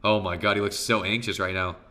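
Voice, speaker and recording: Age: adult. Sex: man. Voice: bright, forceful. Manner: excitable, profane. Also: fairly low pitch, fairly quick. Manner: excitable and profane, talks straight to viewers. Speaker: professional arena player reviewing his match. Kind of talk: casual gameplay commentary.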